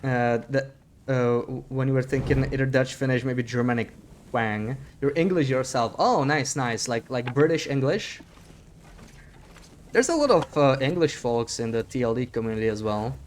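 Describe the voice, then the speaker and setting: A man's voice: medium pitch, normal speed, a little hiss or hum. A young man chatting casually on a live stream while he plays, reading chat aloud and joking about himself. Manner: chatty, reads chat aloud, self-deprecating laughs.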